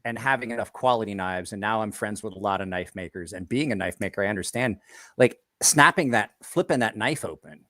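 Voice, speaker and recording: Animated storytelling man, dry close sound. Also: on the low side, a little fast, no room sound. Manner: animated storyteller, acts out quotes, laughs often. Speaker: knife maker. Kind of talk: casual podcast chat.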